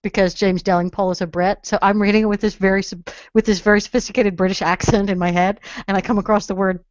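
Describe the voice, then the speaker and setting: A woman's voice: mid-range voice, level tone, fast talker, no room sound. Woman cohost chatting, giggles a lot, dry dull sound. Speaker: podcast co-host. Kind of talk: casual panel chat.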